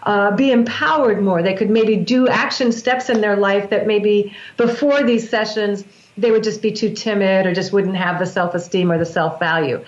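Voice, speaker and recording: A woman who works as a breathwork practitioner, explaining in a calm, measured way with frequent restarts. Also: mid-range voice, echoey room, highs cut off. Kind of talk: explanatory interview talk.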